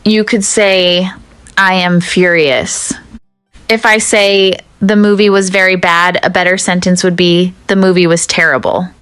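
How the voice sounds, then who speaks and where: A woman teaching an English lesson, her voice smooth and resonant in a close, dry recording. She talks in a measured, deliberate way and addresses the viewer directly, over faint music. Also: lowish voice, flat delivery, a bit bright, no room sound. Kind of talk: scripted teaching narration.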